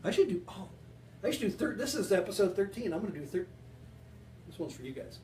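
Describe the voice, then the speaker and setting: A man hosts a home cocktail show, joking and rambling as he mixes a drink and chats with his viewers. His voice sits high for a man. He sounds set back from the mic in a roomy, echoing space with a faint hiss behind him. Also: sing-song, fairly quick, a little mellow. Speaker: home bartending show host. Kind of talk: joking casual cocktail demo. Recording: echoey room, distant mic.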